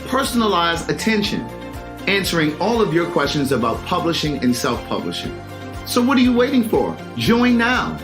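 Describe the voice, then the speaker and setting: Guy hosting, bit high voice, faint music behind, chatty phone live outside. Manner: showy, preacher-like cadence in intros, loose chatty on live. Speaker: host. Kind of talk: scripted promo and casual live stream. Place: friend's house, backyard.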